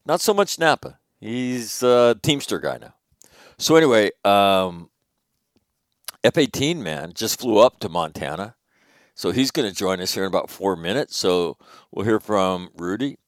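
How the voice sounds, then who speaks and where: A middle-aged man from Northern California hosting a radio show, telling a long, rambling, profane story with lively quoted asides. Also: fairly low pitch, measured pace, no room sound, studio quality. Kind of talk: casual storytelling monologue.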